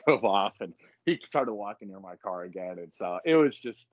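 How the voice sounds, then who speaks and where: A man on a podcast, telling a story casually and profanely, with lively acted quotes. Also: on the low side, normal speed, no room sound, dull audio. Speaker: podcast guest.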